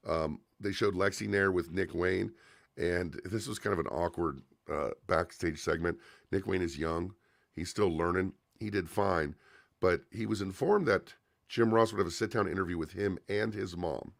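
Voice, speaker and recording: A man's voice: low-pitched, vocal fry, no echo, clean studio sound. A man hosting a livestream, casually reviewing a wrestling show in a chatty, opinionated way with frequent fillers and restarts.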